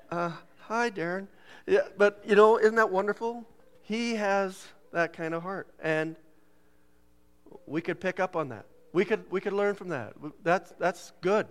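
Preaching in a church sanctuary, this pastor has a high-pitched voice and an unhurried delivery. His sermon is full of jokes and laughter, and he does voices for the people he quotes.

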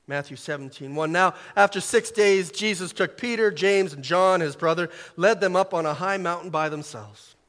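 A man preaching a sermon in short, emphatic phrases, swelling loud and dropping soft as he reads scripture. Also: high voice, moderate pace, few pauses, in a large hall.

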